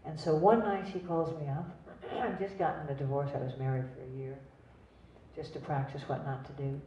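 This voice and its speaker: A woman's voice: low voice, fairly even intonation, brisk, dark tone, a little hiss or hum. An older actress telling chatty, digressive stories at a cinema event, laughing at her own jokes. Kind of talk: rambling anecdotal storytelling. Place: cinema venue before an audience. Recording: distant roomy lo-fi venue recording.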